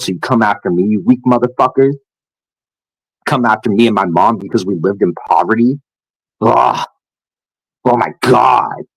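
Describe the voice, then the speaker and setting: A man's voice: lowish voice, husky, dry recording, poor audio. A man ranting angrily and profanely to his viewers in a scornful vlog tirade. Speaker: vlogger. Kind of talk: angry rant to camera.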